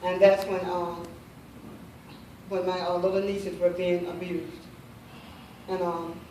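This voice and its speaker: A middle-aged woman, a prophetess speaking at a women's conference, gives a heartfelt, halting personal testimony with repeated phrases. Her voice is lowish and a little mellow. Recorded in a very echoey large hall, she sounds far off, with faint hiss.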